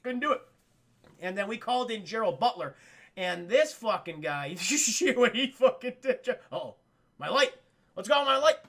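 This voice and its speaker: A man streaming a casual spoiler film review, rambling and swearing as he keeps talking to his chat, tipsy and animated, from a home streaming setup. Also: sits high, moderate pace. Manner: half-drunk, animated storytelling.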